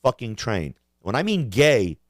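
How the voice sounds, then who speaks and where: A man's voice: medium pitch, big pitch swings, unhurried, dry recording, studio quality. A man co-hosting a podcast, rambling through crude jokes and profane rants in casual chat. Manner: rambling, profane, jokey impressions. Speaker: podcast co-host.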